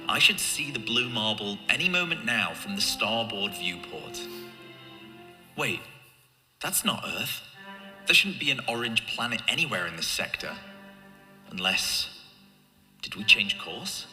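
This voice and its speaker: A man's voice: on the low side, big pitch swings, unhurried, long pauses, pushed and bright, exaggerated voice. A man playing a starship captain giving urgent, commanding orders to the ship computer. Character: alarmed male starship captain. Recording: reverberant hall, faint music.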